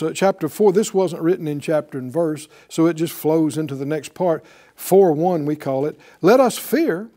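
A man's voice: fairly high pitch, dark tone. A man preaching a sermon, asking the congregation questions and acting out quotes. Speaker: pastor.

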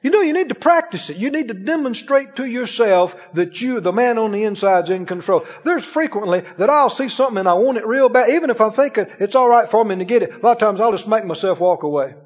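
This pastor talks fast with few pauses, his high voice animated as he chuckles often and asks the congregation questions. The audio is dull and lo-fi, captured in an echoey hall.

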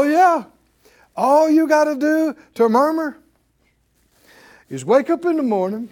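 A man's voice: high-pitched, darkish tone. A man preaching a sermon, who keeps quizzing his listeners with "Huh?". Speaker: preacher and Bible teacher.

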